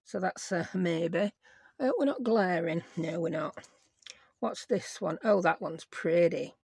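Middle-aged woman, craft host, rambling self-talk, slight gravel. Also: fairly low pitch, unhurried, darkish tone, no room sound. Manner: rambling, self-mocking, talks to herself while working. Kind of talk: chatty crafting tutorial.

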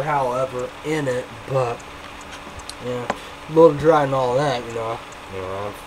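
A young man vlogging a casual review, rambling, swearing and shouting hype catchphrases. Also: a little high, noisy background.

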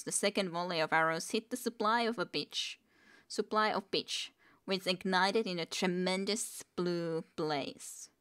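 A woman streamer slowly reading a book aloud, with wry asides between passages. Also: on the low side, a bit bright, clear, resonant tone. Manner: unhurried, wry side comments between passages.

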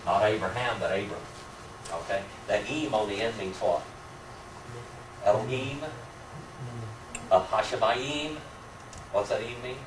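A man's voice: lowish voice, a little slow, long pauses. Man teaching a Bible class in an echoey room. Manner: asks the class questions, chuckles often, warm teasing. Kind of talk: church Bible class lecture. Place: church classroom. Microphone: room mic from a distance. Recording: roomy distant amateur recording with faint hiss.

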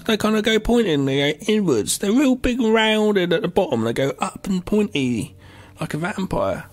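Joking podcast co-host. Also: male voice, high voice, very animated, moderate pace. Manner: chatty, joking, interjecting with asides. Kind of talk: casual film review chat.

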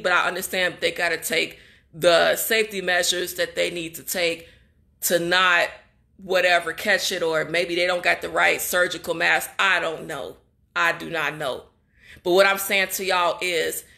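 A woman's voice: fairly low pitch, gravelly, bright, forceful tone. A young woman from Chicago, a graduate student, venting in an upset, emotional vlog straight to her viewers. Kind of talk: casual emotional vlog monologue.

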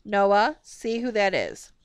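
A stern, exasperated mother, curt and controlled, as a woman reads her. The voice is smooth and resonant, close and dry. She talks tersely, with cross edges. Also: mid-range voice, big pitch swings, slow, no room sound.

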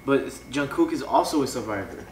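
A man co-hosting a reaction video, relaxed and leading the talk in casual chat. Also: medium pitch, fairly quick, crowd noise. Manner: relaxed, leads the segment. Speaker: co-host of a reaction channel. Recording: echoey room with music behind.

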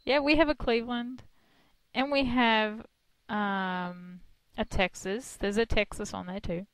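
A woman's voice: mid-range voice, steady tone, a little slow, dry recording. A woman, co-hosting a casual internet radio chat and telling stories with frequent laughter. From Australia. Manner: chatty storyteller, laughs often. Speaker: co-host.

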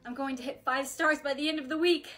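A woman's voice: sits high, steady tone, quick pace, fairly bright tone, soft background music. A young woman acting in a scripted comedy skit, melodramatic and defensive. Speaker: main character in comedy skits.

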